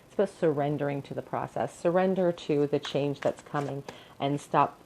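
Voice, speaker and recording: Low-voiced woman reading tarot. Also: moderate pace, darkish tone, slight background noise, rough recording. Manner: encouraging, earnest, with fillers. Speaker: tarot reader. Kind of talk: pick-a-card tarot reading.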